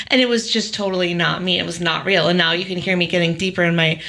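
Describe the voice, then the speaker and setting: Bright-voiced woman hosting a podcast. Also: lowish voice, little pitch movement. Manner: chatty, quick to chime in. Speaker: podcast host. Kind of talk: conversational interview.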